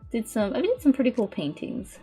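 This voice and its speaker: A woman's voice: on the high side, sing-song, a little fast, dark tone, faint music behind. A young woman streaming while she paints, rambling in casual chat with lots of fillers and restarts. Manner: rambling and chatty, many "like"s and restarts. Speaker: VTuber streamer.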